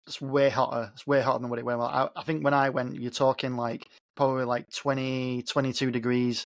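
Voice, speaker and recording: A man's voice: medium pitch, flat delivery, fairly quick, gravelly, no echo. Reflective podcast man, dry sound. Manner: reflective, asks follow-up questions. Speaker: podcast co-host. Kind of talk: casual chat.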